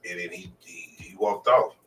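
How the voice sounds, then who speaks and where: A man tells a story in casual chat and bursts into loud acted-out exclamations along the way. He sits a bit back from the mic, and faint music plays behind him. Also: low voice, normal speed, far from the mic, rough recording. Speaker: podcast co-host.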